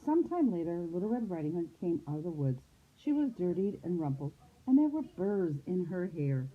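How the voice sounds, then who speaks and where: A woman's voice: on the low side, normal speed. A woman teacher reading a storybook aloud to young children, telling it expressively. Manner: expressive storytelling, shifts into character voices. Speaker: preschool teacher. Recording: phone-like lo-fi sound.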